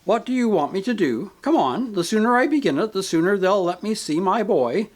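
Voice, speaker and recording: A man voicing a grieving woman ghost, a possessive mother who talks in a sharp, demanding, indignant way, for a storybook reading. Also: high voice, expressive, a little fast, pitched above the performer's own voice. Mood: sharp, impatient. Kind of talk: audiobook character reading.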